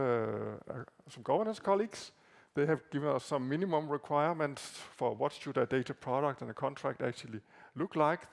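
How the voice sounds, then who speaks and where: A man whose first language is Danish presents slides at a conference. His voice is heavily gravelly, and he talks haltingly, repeating words and filling pauses. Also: on the high side. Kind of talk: conference talk walking through slides. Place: conference hall.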